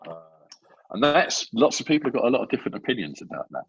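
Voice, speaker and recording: A man, a film assistant director chatting on a podcast, telling animated anecdotes with plenty of fillers. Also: mid-range voice, quick pace, gravelly, noisy background. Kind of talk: casual podcast storytelling. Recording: dull lo-fi audio.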